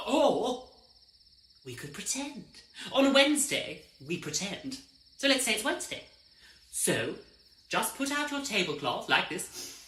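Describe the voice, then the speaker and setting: A woman's voice: mid-range voice, sharp tone, a little hiss or hum. Playful, theatrical woman storyteller. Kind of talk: interactive children's storytelling. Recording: roomy echo with music behind.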